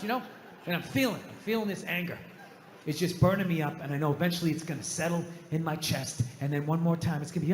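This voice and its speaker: High-pitched man doing stand-up in an echoey hall. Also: quick pace, slight background noise. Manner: profane, animated storytelling with mock rants. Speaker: comedian. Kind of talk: stand-up routine.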